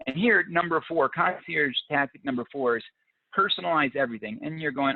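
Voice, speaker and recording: A man's voice: a little high, brisk. A man presenting a fundraising webinar, talking enthusiastically and reading out audience ideas as they come in. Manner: enthusiastic, reads audience chat aloud. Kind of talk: live fundraising webinar talk. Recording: dry, phone-like narrow sound.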